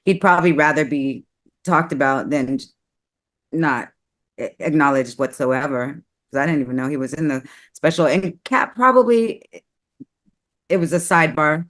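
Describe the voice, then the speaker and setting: A woman's voice: sits low, moderate pace, pauses often. A woman co-hosting a casual talk show, chatty and full of questions. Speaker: co-host. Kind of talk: casual chat.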